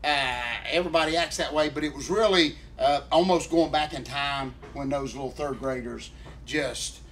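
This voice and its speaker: A man with a somewhat high voice tells a rambling, heartfelt story, stopping often to check in with his co-host. His talk is earnest and emotional, with a faint hiss of background noise. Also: fairly even intonation, moderate pace, a bit bright. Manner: earnest, emotional, keeps addressing co-host by name. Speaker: podcast co-host.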